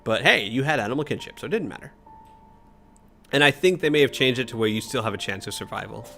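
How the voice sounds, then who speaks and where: A man's voice: mid-range voice, animated, quick pace, vocal fry, bright, forceful tone, faint music behind. A man hosting a let's-read, narrating a fantasy gamebook aloud with casual asides and small stumbles. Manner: casual reader, occasional stumbles and chuckles. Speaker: host reading a gamebook aloud.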